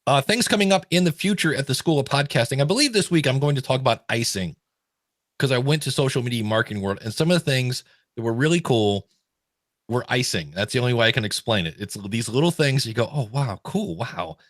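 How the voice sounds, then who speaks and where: Middle-aged male podcast host, casual animated storyteller, dry close mic. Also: medium pitch, fast, dry recording. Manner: animated, stumbling restarts when excited.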